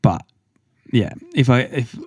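A man's voice: medium pitch, expressive, takes it slowly, a little mellow, breathy edge, no echo, clean studio sound. A man chatting casually as a podcast co-host, rambling with lots of fillers. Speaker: podcast co-host, elite runner. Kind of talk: casual chat.

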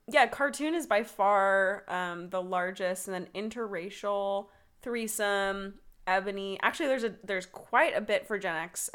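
A woman's voice: on the low side, a bit bright, clear, resonant tone. A young adult woman from the Southern United States, co-hosting a podcast in a frank, joking casual chat, laughing often. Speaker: podcast co-host.

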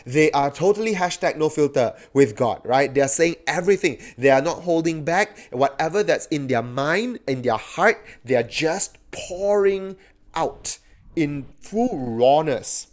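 A man preaching a sermon, animated, often raising his voice to act out cries of the psalms. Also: on the high side, measured pace. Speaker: pastor.

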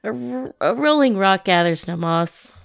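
A woman co-hosting a podcast, chatting playfully and joking, with halting restarts. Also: mid-range voice, expressive, creaky. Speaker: podcast co-host. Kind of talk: casual chat.

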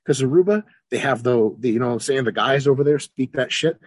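A man guest on a podcast, an exercise scientist talking casually and profanely, animated, swearing freely and acting out characters. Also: mid-range voice, fast, slightly rough, no room sound.

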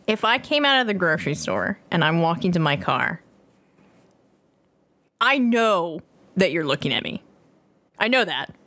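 A woman's voice: on the low side, sing-song, unhurried, pauses often, fairly bright tone, no echo. Blunt sarcastic woman co-host. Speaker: podcast co-host. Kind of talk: casual podcast chat.

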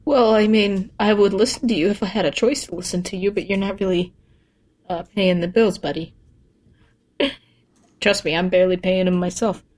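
A woman's voice: medium pitch, fairly even intonation, normal speed, long pauses, a little mellow, natural voice. A woman voicing a broke, wisecracking freelancer who hesitates and fills the talk with ums and jokes. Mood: casual. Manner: hesitant, full of fillers, joking.

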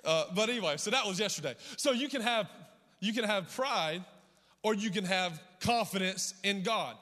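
A middle-aged man preaching a sermon as pastor, his voice hoarse and worn from yelling, with a rhythmic delivery and call-outs to the congregation. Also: sits high, expressive, normal speed, in a large hall.

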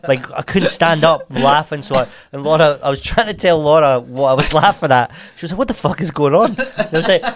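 A man's voice: on the high side, a little fast, few pauses. A man hosting a podcast, telling stories in drunk, laughing casual chat. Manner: laughing, animated storytelling. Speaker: podcast host.

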